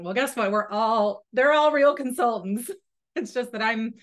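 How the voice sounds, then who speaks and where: A woman from St. Louis, Missouri, a new sales consultant sharing her story in a chatty, excitable way with lots of fillers. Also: fairly high pitch, measured pace. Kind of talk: personal testimonial.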